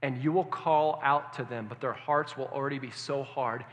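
Male pastor, sermon, bright forceful voice, hushed to loud swings, long hall reverb. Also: mid-range voice, steady tone, normal speed. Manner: engaging, asks the congregation questions.

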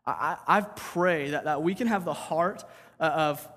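A man's voice: on the high side, measured pace, a bit bright, in a large hall. A man preaching a sermon as pastor, talking casually, repeating words and asking "right?".

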